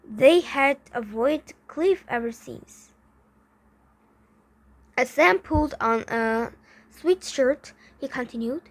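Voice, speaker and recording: A woman's voice: high voice, animated, takes it slowly, long pauses, poor audio. A woman reading a children's story aloud, carefully, with frequent slips and restarts. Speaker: reader.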